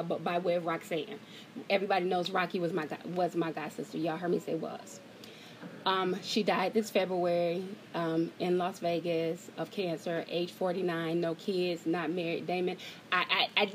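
A woman's voice: lowish voice, a bit bright, a little hiss or hum, low-quality recording. Heartfelt woman hosting a group call. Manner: heartfelt, fighting back tears. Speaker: host of an online gathering. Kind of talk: emotional casual talk to a group call.

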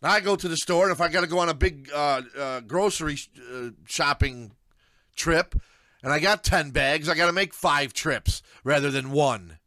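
A middle-aged man rants angrily, swearing often, his voice climbing into outbursts. His tone is bright and forceful, and his pitch sits a little high. It sounds close and dry, with no room echo. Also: moderate pace. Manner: angry, profane, ranting with rising outbursts. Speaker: ranter. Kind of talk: profane solo rant.

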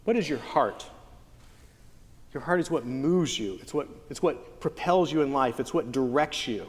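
A man preaching a sermon as pastor, earnest with playful joking asides and slow, stretched emphasis on key phrases. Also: medium pitch, animated. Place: church sanctuary. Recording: long church hall reverb.

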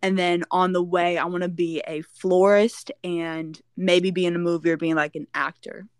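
A woman guest speaks hesitantly, thinking aloud with fillers between her ideas. Her voice sits low and sounds smooth. The sound is dry and close. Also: little pitch movement, normal speed, no echo. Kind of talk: casual group chat.

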